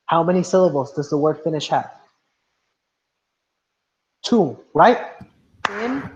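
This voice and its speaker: Heard through dull lo-fi audio, a male teacher with a fairly high voice speaks a little slowly while leading a lesson. He questions his students patiently and occasionally switches into Spanish.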